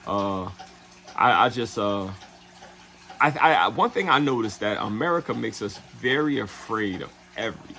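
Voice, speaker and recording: A man's voice: medium pitch, bright, forceful tone, a little hiss or hum. A man telling a travel story in a loose, profane way, full of fillers and acted-out quotes. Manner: loose and profane, heavy fillers like "you know what I'm saying"; acts out other people's lines in quick put-on voices. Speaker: travel vlogger. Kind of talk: casual storytelling.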